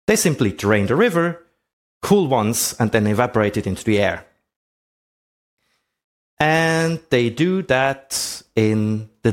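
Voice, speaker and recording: Man with a lively, swooping voice. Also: medium pitch. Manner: rhetorical questions, conversational. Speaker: presenter. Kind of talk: explanatory talk with slides.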